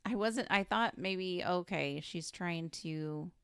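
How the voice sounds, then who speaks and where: A woman co-hosting a podcast, chatting casually about a movie and reacting quickly to her partner. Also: on the low side, fairly bright tone, smooth, no echo, clean studio sound. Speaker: podcast co-host.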